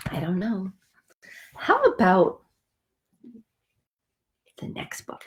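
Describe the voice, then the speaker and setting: A young woman hosting a children's story time, speaking in a slow, sing-song, exaggerated way for young kids. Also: medium pitch, very animated. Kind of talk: children's sing-along lesson.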